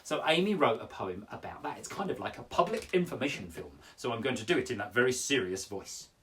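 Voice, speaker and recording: A man's voice: medium pitch, fairly quick, recorded from a distance. A man hosting a poetry show for children from home, talking playfully and directly to the kids watching. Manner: animated, playful and expressive, addressing kids directly. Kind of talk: lively children's show presenting.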